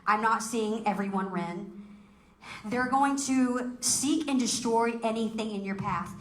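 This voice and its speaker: A woman's voice: a little high, measured pace, a little hiss or hum. A woman giving a fiery political speech to a local group, firing off emphatic rhetorical questions. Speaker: political speaker. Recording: echoey room.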